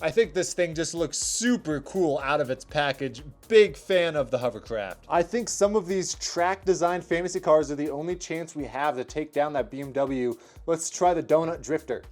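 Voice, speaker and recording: A young man hosting his channel, giving energetic play-by-play commentary on toy car races. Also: fairly high pitch, moderate pace, hardly any pauses, faint music behind. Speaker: toy car race host. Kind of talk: race commentary vlog.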